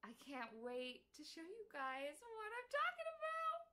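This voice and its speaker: A woman's voice: very high voice, huge pitch swings, unhurried, dry recording. A woman hosting a casual vlog from inside a car, chatting and doting on her dogs in baby talk. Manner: doting baby talk to pets, laughs often. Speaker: vlog host. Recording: distant mic, loud road noise.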